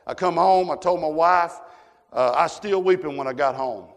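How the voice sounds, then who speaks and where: A man's voice: fairly high pitch, moderate pace, vocal fry. A man preaching a fervent sermon, punctuating his points with frequent amens. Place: church sanctuary. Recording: long church hall reverb.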